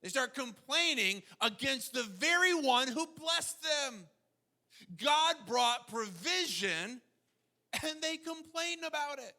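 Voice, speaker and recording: A man preaching a sermon as pastor, animated, slipping into mocking quoted voices. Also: very high voice, slow.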